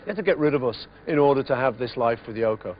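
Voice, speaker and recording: A man in his fifties answering interview questions in a relaxed, rambling way, with lots of "you know"s. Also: medium pitch, quick pace, slight background noise. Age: 50s. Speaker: interviewee musician. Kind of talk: reflective interview chat. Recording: dull lo-fi TV interview audio.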